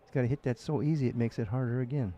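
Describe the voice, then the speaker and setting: A man gives color commentary on a pool match and calmly explains which shots he would take. His voice is mellow and warm, at an ordinary pitch. He talks things through in an easy, conversational way. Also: very fast, highs cut off. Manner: analytical, explains shot choices. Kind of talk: casual live commentary.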